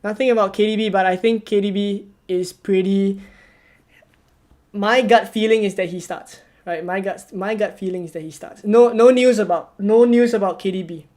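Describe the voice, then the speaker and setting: A man hosting a live stream, chatting casually and repeating himself excitedly as news comes in. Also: sits high, moderate pace. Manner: excited, repetitive, reacting live. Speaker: livestream host.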